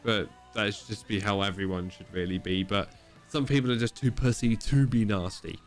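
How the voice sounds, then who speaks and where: A man, co-hosting a casual podcast chat, blunt and sweary, with halting restarts. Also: lowish voice, steady tone, faint music behind. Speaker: podcast co-host.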